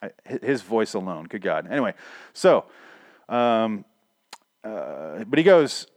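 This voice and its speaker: A man hosting a casual solo podcast, rambling excitedly with stammering restarts and swearing freely as his voice starts to go hoarse. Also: lowish voice, measured pace, no echo, clean studio sound. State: voice going hoarse. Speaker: podcast host.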